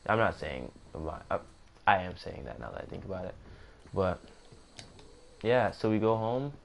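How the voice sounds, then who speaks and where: Brief: young male streamer, lowish voice, chatty storytime with asides, faint noise behind. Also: big pitch swings, normal speed, vocal fry. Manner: rambling, self-correcting, joking asides. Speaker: gaming streamer. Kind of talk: casual storytime narration.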